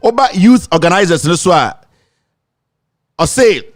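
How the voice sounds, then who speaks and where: Animated, high-voiced Ghanaian male commentator. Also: dry recording, studio quality. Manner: emphatic, animated, drawn-out exclamations. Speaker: political commentator host. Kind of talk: opinionated political commentary.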